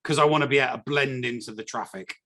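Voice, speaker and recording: A man's voice: mid-range voice, quick pace, sharp tone. An English man co-hosting a podcast, chatting casually in a blunt, dry and wry way. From England. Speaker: podcast co-host. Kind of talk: casual chat.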